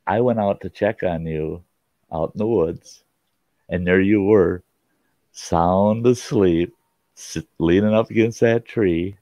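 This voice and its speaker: A man voicing a kindly, playful older grandmother in a told story, in a gentle, matter-of-fact way. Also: sits low, slow, dry recording. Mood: amused. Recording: dull, lo-fi sound.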